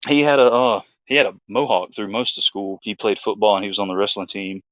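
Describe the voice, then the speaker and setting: A man's voice: fairly low pitch, fairly even intonation, a little fast, fairly bright tone, dry recording, highs cut off. A man, hosting his own show, telling a story in a rambling, laid-back chat full of fillers. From Georgia, USA. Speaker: host.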